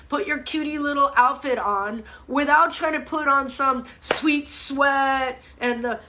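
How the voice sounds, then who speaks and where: A middle-aged woman fitness coach chatting on a live stream, blunt and animated, cursing freely. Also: high-pitched. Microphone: phone or webcam mic.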